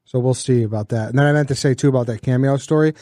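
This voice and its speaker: A man's voice: medium pitch, rapid-fire, warm tone, no room sound. An easygoing man with a mid-range voice co-hosts a casual podcast, mostly giving short replies and joking asides. The sound is dry and close. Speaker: podcast co-host. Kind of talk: casual chat.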